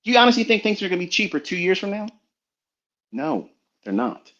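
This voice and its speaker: A man's voice: high-pitched, big pitch swings, brisk, pushed and bright. Profane preachy man, muffled stream. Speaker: trading mentor. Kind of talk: motivational talk on a live audio stream. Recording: dull lo-fi online stream audio.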